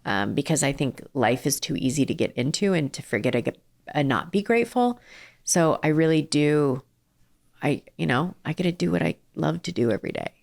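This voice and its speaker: Guest spot: low-pitched, earnest middle-aged businesswoman, casual and a bit rambling. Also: expressive, normal speed, gravelly, darkish tone. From southern California. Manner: earnest, with frequent fillers and restarts. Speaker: ice cream company founder and CEO, guest. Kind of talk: casual interview.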